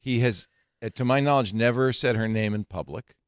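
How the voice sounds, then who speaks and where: A man's voice: medium pitch, fairly quick, clear, resonant tone, no echo, studio quality. An older man hosting a casual tech podcast, reading headlines aloud and adding joking asides. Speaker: podcast host.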